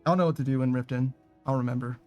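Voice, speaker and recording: A man's voice: mid-range voice, fairly even intonation, rapid-fire, dull audio, faint music behind. A man giving casual, profane, sarcastic commentary while playing a video game. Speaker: gaming streamer.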